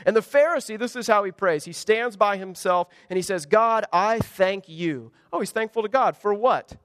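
A man's voice: high-pitched, fairly quick. A man preaching a sermon, emphatic, asking rhetorical questions and acting out the quotes he reads. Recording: dry close mic with long hall reverb.

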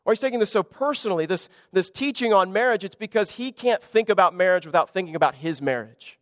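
A man preaching a sermon as pastor, emphatic and playful, swinging from loud exclamations to hushed asides. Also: high voice, fast talker, hardly any pauses, dry recording, studio quality, in a large hall. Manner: animated, emphatic preaching with humor and sudden drops to quiet.

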